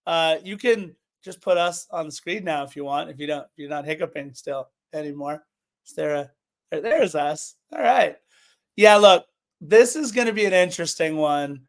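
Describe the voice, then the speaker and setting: A man co-hosting a casual sports podcast, animated and opinionated as he previews a match. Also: on the high side, moderate pace, creaky. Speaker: podcast co-host.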